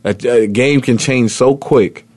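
A man's voice: mid-range voice, a little slow, a little mellow, dry recording. A man hosting a sports talk radio show, chatting casually and rambling with lots of fillers and restarts. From Indiana.

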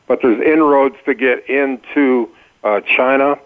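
An older man, a guest on a radio interview, telling his story in a relaxed way. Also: medium pitch, measured pace, clean tone. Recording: tinny phone-like line.

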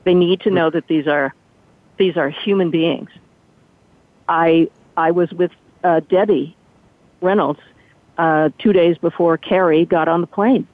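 A woman's voice: fairly low pitch, a little slow, pauses often, no echo. An older woman, a former entertainment reporter, recounting behind-the-scenes stories as an interview guest and acting out what others said. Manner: animated storyteller who acts out quoted speech. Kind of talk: storytelling interview. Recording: tinny dry phone line.

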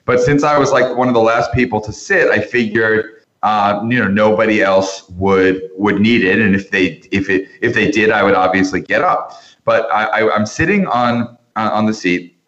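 A man who is a podcast guest, telling a long story with lots of restarts and animated turns. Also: fairly low pitch, normal speed, roomy sound, lo-fi sound. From New York area. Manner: animated anecdote-teller with frequent restarts. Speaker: interview guest.

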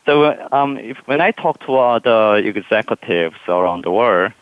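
A man's voice: fairly low pitch, expressive, unhurried, dry recording. A man speaks as a panel guest. He searches for words and restarts often. The sound is dull and dry, with no room around it. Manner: hesitant, many fillers and restarts. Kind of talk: conversational interview answer.

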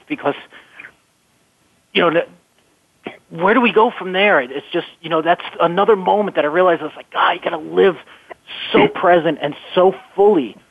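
A man's voice: on the high side, breathy edge. A man telling his life story as an interview guest, earnest and often repeating words as he thinks. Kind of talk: phone-in radio interview. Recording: tinny phone line.

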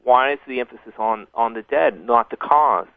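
A man being interviewed on a radio show as a guest author, thinking aloud with halting restarts. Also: mid-range voice, fairly even intonation, dry recording. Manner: thoughtful, halting, many restarts. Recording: tinny phone line.

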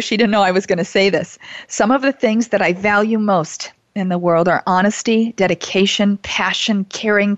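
A woman's voice: mid-range voice, dry recording. Middle-aged woman, call-in show host, earnest and gushing, dry dull studio sound. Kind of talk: heartfelt casual talk show monologue.

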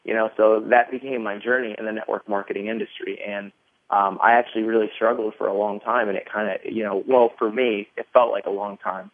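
This podcast guest, a man in his thirties, has a voice on the low side and a brisk pace. He tells his story casually and animatedly, rambling with many fillers, on a dry recording from a tinny phone line.

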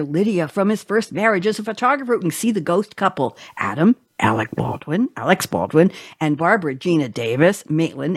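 A woman's voice: fairly low pitch, no room sound. Chatty woman radio host, dry sound. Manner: chatty, digressive. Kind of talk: radio talk show hosting.

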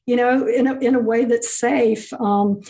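A woman's voice: a little high, fairly even intonation, unhurried, dark tone, rough recording. A woman interviewing an author, responding in an affirming, conversational way.

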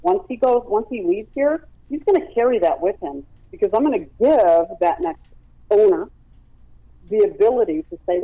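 A woman's voice: mid-range voice, big pitch swings, normal speed, dry recording. A woman who runs a parrot rescue, explaining her training at length with examples in a phone-in radio interview. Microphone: telephone. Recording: tinny dry phone line.

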